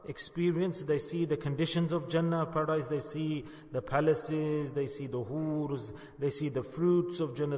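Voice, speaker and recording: A man giving a sermon, earnest and storytelling, asking his listeners rhetorical questions. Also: on the high side. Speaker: preacher. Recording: echoey hall with long reverb.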